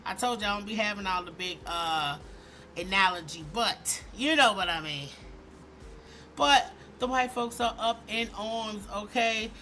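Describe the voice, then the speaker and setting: A woman hosting a commentary vlog, talking in an animated, emphatic and sarcastic way. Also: mid-range voice, measured pace, a little hiss or hum. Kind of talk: opinionated commentary.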